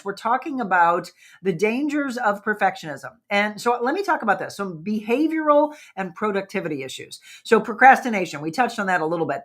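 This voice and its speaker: A woman's voice: medium pitch, a bit bright. A woman hosting a wellness talk show, chatting casually and animatedly with her audience and asking them questions. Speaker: host.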